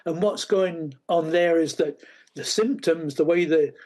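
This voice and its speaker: A man's voice: a little high, darkish tone. A man, a guest expert, giving explanatory interview answers with frequent fillers and restarts. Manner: halting, many fillers and restarts.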